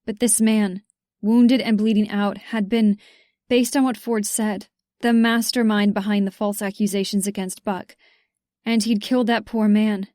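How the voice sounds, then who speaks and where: A woman's voice: mid-range voice, little pitch movement, unhurried, dark tone, no room sound, clean studio sound. Tense woman narrating a romance audiobook. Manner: tense, urgent storytelling.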